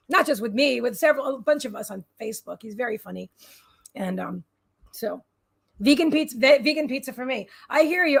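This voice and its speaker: A woman hosts a casual livestream from home, answering her viewers' comments aloud in a rambling, bubbly way. She's a psychic reader, and her voice sits high, with a husky quality and vocal fry.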